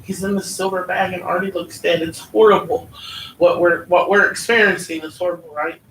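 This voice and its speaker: A woman's voice: lowish voice, steady tone, fairly quick, a bit bright. A woman giving a heartfelt personal testimony at church, often asking "right?" as she goes. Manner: earnest, heartfelt, often tags lines with "right?". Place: church hall. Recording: roomy, distant, faint background hum.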